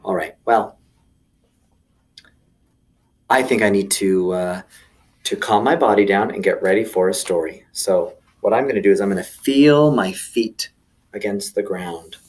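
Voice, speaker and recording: A man's voice: on the low side, moderate pace. A man hosting a children's video lesson, speaking playfully and enthusiastically straight to the kids. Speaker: children's teacher.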